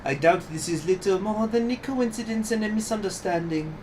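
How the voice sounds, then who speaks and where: A man voicing a poised aristocratic woman in a game, calmly deflecting an accusation. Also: high voice, brisk, slight background noise, voice pushed up, lightly acted, poor audio. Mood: dismissive.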